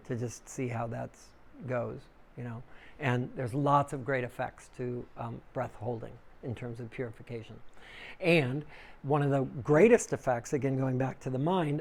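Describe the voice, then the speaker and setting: A man teaching yoga breathing to a small group in a room, casual and conversational, taking questions from listeners. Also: vocal fry. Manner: casual and conversational, acts out inner voices loudly with big pitch jumps. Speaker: yoga teacher giving a dharma talk. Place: small room with a live audience.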